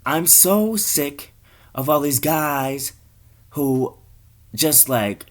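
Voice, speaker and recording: A man's voice: a little high, lively intonation, drawn-out words, pitched above the performer's own voice. A man voicing a young woman fretting about her reputation, in a whiny drawl.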